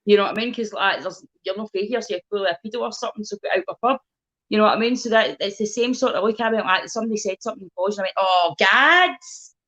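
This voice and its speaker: A woman with an Ayrshire Scottish accent, a stand-up comedian chatting as a guest, telling animated stories full of swearing and put-on voices. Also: medium pitch, very fast, muffled recording. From Scotland. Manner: animated storytelling, acts out voices, swears freely. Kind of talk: casual chat.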